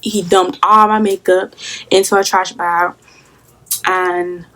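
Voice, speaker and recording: A woman's voice: lowish voice, little pitch movement, slow pace, a bit bright. A young adult woman telling a casual story in a rambling, profane way, full of fillers. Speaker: vlogger.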